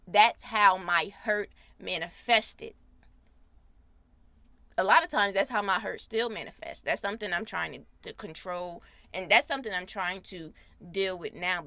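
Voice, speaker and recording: A woman hosting a podcast, telling a personal story in a blunt, heated, animated way with speech. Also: medium pitch, vocal fry, no echo. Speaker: podcast host. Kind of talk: casual storytime monologue.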